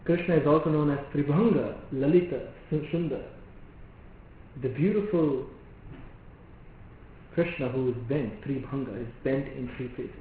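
A man giving a devotional lecture in a measured, explanatory way, often asking rhetorical questions. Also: mid-range voice, a little hiss or hum. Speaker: preacher. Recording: echoey hall on a phone-like line.

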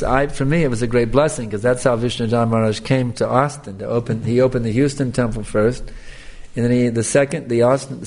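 A man's voice: medium pitch, darkish tone. An older man from the United States telling earnest stories in a devotional sermon, often restarting his phrases. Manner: earnest, storytelling, repeats himself with restarts. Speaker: devotional speaker.

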